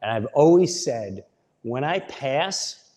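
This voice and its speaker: A man's voice: mid-range voice, slow, long reverb tail. A young man, a comedian, telling stories casually and animatedly as a podcast guest. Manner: animated, acts out voices. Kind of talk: casual storytelling.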